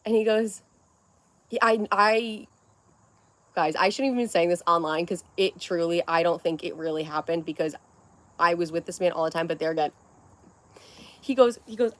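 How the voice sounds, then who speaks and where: Young woman streamer, mid-pitched, loose rambling chat with viewers, cursing casually; dry close-mic sound. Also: fairly even intonation, a little fast, no echo. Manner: rambling, reads chat aloud, swears freely. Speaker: livestream host.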